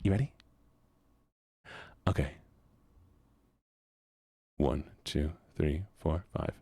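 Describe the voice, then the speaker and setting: A man's voice: a bass voice, drawn-out words, creaky, mellow, slightly rough. A man chatting casually on a live stream, rambling, swearing and joking with his viewers.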